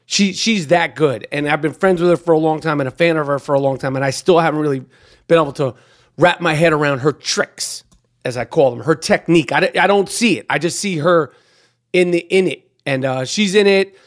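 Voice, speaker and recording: High-voiced, profane male podcast host. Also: brisk. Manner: profane, blunt, rambling, with frequent restarts. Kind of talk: casual monologue.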